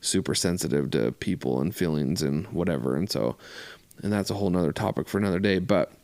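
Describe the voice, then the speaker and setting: Low-voiced man telling a story casually. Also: a little fast, gravelly, dry recording. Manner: conversational, acts out quotes with lively voice shifts. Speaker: recovery show co-host.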